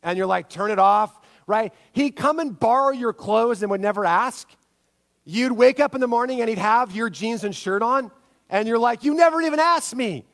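Man, pastor, sermon, high voice, animated storytelling, keeps checking in with the congregation. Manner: storytelling, animated, asks the audience for agreement.

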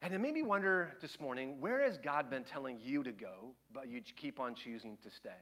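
A middle-aged man preaching a sermon, telling a family story with lively acted-out voices before turning quiet and earnest. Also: mid-range voice, normal speed. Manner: animated storytelling, acting out his kids and himself. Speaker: pastor.

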